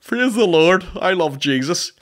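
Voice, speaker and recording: A man's voice: high-pitched, animated, unhurried, a bit bright, voice pushed up. A man putting on a mocking impression of a boastful, pious male music star.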